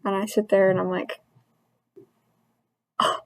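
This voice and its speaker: A woman's voice: mid-range voice, flat delivery, no room sound, rough recording. Frustrated woman venting in a dry, close sound. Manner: frustrated, venting, halting restarts; earnest. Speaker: vlogger. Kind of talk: personal rant to camera.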